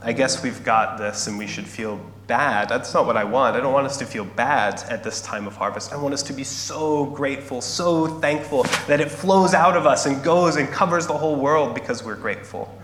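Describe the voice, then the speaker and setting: A man preaching a sermon, telling a story earnestly and slowing down and going softer to drive his points home. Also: mid-range voice. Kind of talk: sermon with scripture reading and storytelling. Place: large echoing church hall. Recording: echoey hall, faint hum.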